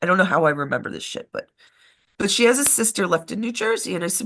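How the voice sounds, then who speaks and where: Rambling, animated woman chatting on a show. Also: fairly low pitch, fast talker, vocal fry. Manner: rambling, animated storytelling with swearing and laughs. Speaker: live show co-host. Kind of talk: casual chat.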